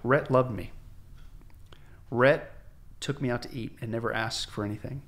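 Man, pastor, podcast guest, animated testimony, acts out quoted voices. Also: mid-range voice, normal speed. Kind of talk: candid testimony storytelling. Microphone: podcast microphone.

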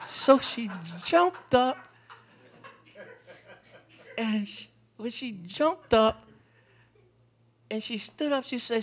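A man speaking as a panel guest, telling animated stories about fatherhood and repeating phrases for emphasis. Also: very high voice, drawn-out words, pauses often. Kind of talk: personal storytelling in a community panel.

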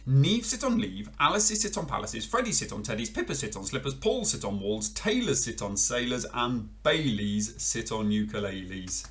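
A man voicing a clever, bossy male frog, reciting rhymes in a brisk rhythm from a storybook. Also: medium pitch, sing-song, a bit bright. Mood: brisk, rhyming.

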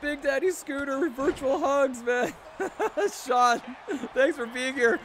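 A man hosting a live stream, excitedly commentating a wrestling video game and reading out viewer messages, shouting at big moves and laughing to himself. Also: very high voice, measured pace, background noise.

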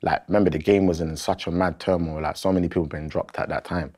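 A man's voice: deep voice, fairly even intonation, fast, a little mellow. A man, a rapper telling a story animatedly in a casual interview, full of fillers and acted-out quotes. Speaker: rapper and guest.

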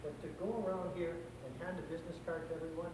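A man's voice: a little high, fairly even intonation, quick pace, background noise. A man in a workshop audience sharing his view in a chatty, self-assured way. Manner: chatty, sure of himself. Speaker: workshop participant. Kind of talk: group discussion. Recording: very echoey room, voice picked up from a distance.

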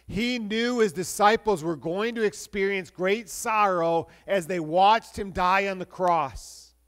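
A male pastor preaching a sermon in a conversational way, with restarts, moving between lively and hushed delivery. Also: on the high side.

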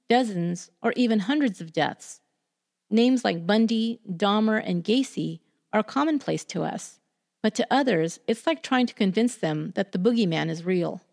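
Woman, podcast host, scripted true crime narration, steady and deliberate, gravelly texture. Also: mid-range voice. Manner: measured, deliberate storytelling.

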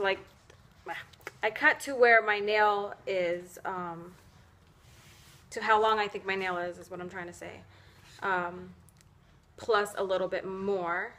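Bright, chatty woman demonstrating nails. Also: mid-range voice, steady tone, slow, pauses often. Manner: chatty, rambling, many fillers and self-corrections; laughs often at herself. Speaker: nail wrap seller demonstrating at home. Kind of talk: casual how-to tutorial.

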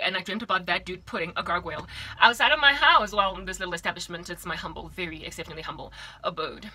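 A young woman from South Africa talking to camera in a casual vlog monologue, animated and chatty with slangy asides, recorded in a small room at home. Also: mid-range voice, no echo, low-quality recording. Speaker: vlogger.

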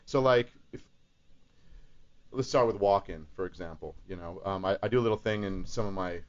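A man's voice: low-pitched, normal speed. A man, a voice actor, chatting on a radio talk show and explaining how to build voice impressions. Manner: explains voice impressions, demonstrates them. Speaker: voice actor guest. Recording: dull lo-fi radio broadcast.

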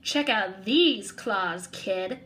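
Woman playing a sassy raspy girl monster. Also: medium pitch, expressive, very slow, fairly bright tone, slight background noise. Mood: gruff. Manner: snappish and sniffy.

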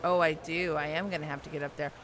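A woman giving let's play gameplay commentary, slightly hoarse from losing her voice, reacting aloud and talking back to the game. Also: sits low, fairly even intonation, quick pace, background noise. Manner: reactive, exclaiming, talks to the game.

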